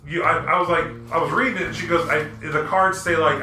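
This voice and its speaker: A man hosting a casual podcast, telling stories in an animated, profane way and breaking into rants. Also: on the high side, fast, few pauses, slight background noise. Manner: animated, profane storytelling and ranting. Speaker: podcast host. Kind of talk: casual chat. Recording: echoey room with music underneath.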